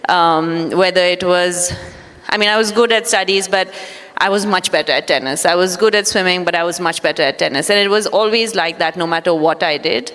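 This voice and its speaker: Measured woman in her thirties. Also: on the low side, fairly bright tone, clear, resonant tone. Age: 30s. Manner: measured and reflective, with many fillers. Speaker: guest, former athlete. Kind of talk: on-stage interview, storytelling. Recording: echoey hall.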